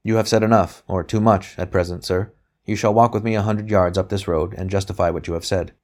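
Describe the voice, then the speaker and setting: A wary old physician from a storybook reading, terse and secretive, with a quick scornful edge, voiced by a deep-toned male narrator. His voice sits low and close to the reader's own. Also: fairly even intonation, a little mellow, close to an everyday voice. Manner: terse, suspicious, flaring into scorn. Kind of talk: audiobook character reading.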